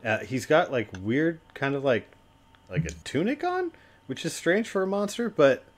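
A man's voice: a little high, very animated, moderate pace. A man narrating a tabletop role-playing game as dungeon master, rambling along with lots of fillers.

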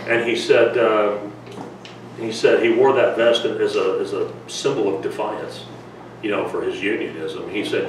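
In a noisy, echoey room, a man with a lowish, slightly slow voice gives a chatty history lecture at a museum, captured by a distant mic. He's a lecturer and documentary filmmaker who tells stories full of fillers and restarts.

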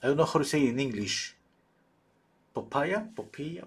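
Male painter, husky voice, halting live-stream chatter with many restarts. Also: mid-range voice. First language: Spanish. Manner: halting, searches for English words, many restarts. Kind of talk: casual chat while painting live.

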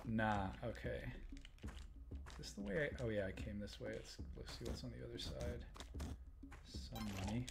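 A man's voice: mid-range voice, moderate pace, vocal fry, pauses often, very noisy. A man hosting a live stream, giving casual gameplay commentary, muttering to himself and chatting with viewers as he plays.

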